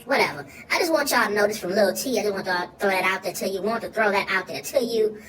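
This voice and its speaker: A woman's voice: mid-range voice, fast, distant mic, crowd noise, close to an everyday voice. A woman playing a goofy, food-loving young boy, rambling through a comic monologue with slang and sudden squealing outbursts.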